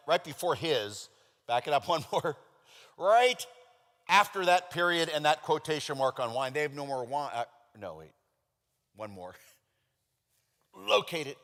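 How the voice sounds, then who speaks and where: A man's voice: on the high side, fairly bright tone. A male pastor preaching a sermon, telling the story with jokes and acting out the characters. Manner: jokey storytelling that acts out the characters. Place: church sanctuary. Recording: echoey church hall.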